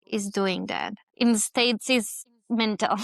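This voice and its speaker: A woman's voice: medium pitch, steady tone, slow pace, vocal fry, no echo. A middle-aged Colombian woman, a guest speaking casual English as a second language, with small grammar slips. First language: Spanish. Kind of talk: casual interview.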